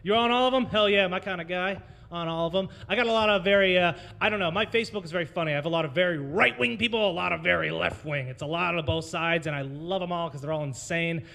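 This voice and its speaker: A man's voice: sits high, fast talker, vocal fry, hardly any pauses, sharp tone. A young American man hosting an open mic in a brewery, doing a rambling, self-mocking stand-up set and working the crowd. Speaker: open mic host and comedian. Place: brewery taproom.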